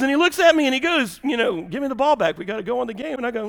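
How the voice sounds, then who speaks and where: High-voiced pastor, shouting then hushed. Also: male voice, very fast, gravelly, hardly any pauses. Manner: animated, swings from shouting to hushed. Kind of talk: sermon with comic storytelling.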